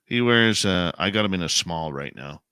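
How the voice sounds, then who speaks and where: A man with a Canadian accent hosting a casual late-night radio chat, loud and excitable when he plugs the show. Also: low voice, moderate pace, smooth, no echo, studio quality. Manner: loud, excitable sign-offs and show promos.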